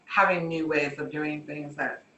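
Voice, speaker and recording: A woman and mother chatting casually in a group conversation, relaxed and agreeable. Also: deep voice, measured pace, muffled recording. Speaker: mother and guest in a group chat. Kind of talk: casual group chat on a call. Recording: roomy, distant mic with faint noise.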